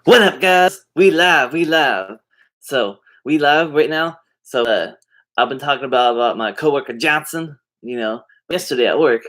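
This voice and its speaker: A man's voice: mid-range voice, expressive, moderate pace, a bit bright. A man talking casually to the camera in a vlog, rambling and drifting off topic, with many fillers and easygoing slang. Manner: laid-back slangy talk. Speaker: vlogger.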